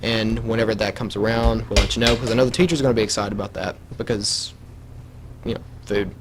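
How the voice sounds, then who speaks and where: A young man with a slight Southern US accent hosting a casual school radio show, animated and laughing, with high excited bursts. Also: quick pace, noisy background. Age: teens to young adult. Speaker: student radio host.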